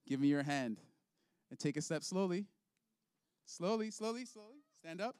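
A man's voice: fairly high pitch, moderate pace, a little mellow. A man leading an object lesson for kids in a children's ministry, upbeat and playful, laughing often.

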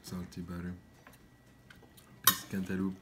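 Very deep-voiced French dad. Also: male voice, moderate pace, noisy background. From France. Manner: relaxed, switches between French and English. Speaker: father.

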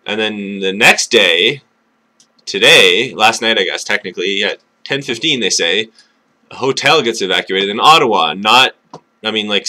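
A man talking casually to camera, alone indoors, swearing often and trying to speak up from a quiet mumble. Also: fairly low pitch. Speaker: vlogger.

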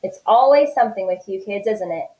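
A woman voicing a gentle, worried father who speaks quietly, in an echoey room. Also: mid-range voice, animated, brisk, lightly acted. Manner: quiet, soft-spoken. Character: gentle worried father, middle-aged man.

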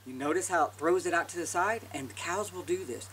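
A man's voice: on the high side, fairly quick, far from the mic, heavy background noise. Plain-spoken man teaching elk calls. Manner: plain-spoken, folksy, restarts words often. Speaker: elk calling instructor. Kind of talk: casual how-to demonstration.

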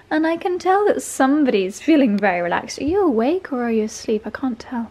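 A woman's voice: high-pitched, big pitch swings, fairly quick, hardly any pauses, mellow. A woman chatting in a casual, bubbly home vlog, with playful asides. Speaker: lifestyle vlogger. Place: home indoors.

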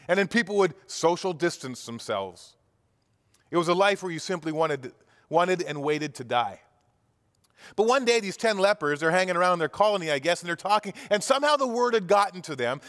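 High-voiced man preaching in a reverberant church. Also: fairly bright tone. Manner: vivid retelling with acted-out cries and frequent restarts. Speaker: pastor. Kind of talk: sermon storytelling.

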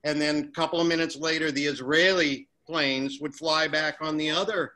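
Bright-voiced man eagerly recalling. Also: a little high, fairly even intonation, moderate pace, low-quality recording. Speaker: former film cast member. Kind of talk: casual reminiscing on a video call.

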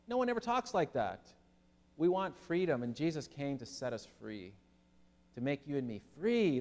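A man preaching a sermon as pastor, animated and lively, with humorous asides to his listeners. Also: fairly high pitch. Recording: long hall reverb.

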